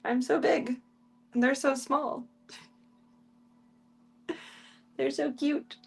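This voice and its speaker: A woman streaming casually, chatting to viewers and cooing baby talk to tiny animals in a soft, playful way. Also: sits high, steady tone, extremely slow, gravelly. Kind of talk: casual live-stream chat.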